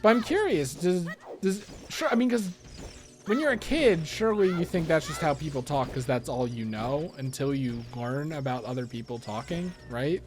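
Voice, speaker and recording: A man's voice: on the high side, lively intonation, normal speed, soft background music. A young man with a Philadelphia accent, rambling casually as he comments on his gameplay, full of fillers and restarts. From Philadelphia, USA. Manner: rambling, musing aloud, many fillers and restarts. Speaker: let's play gamer.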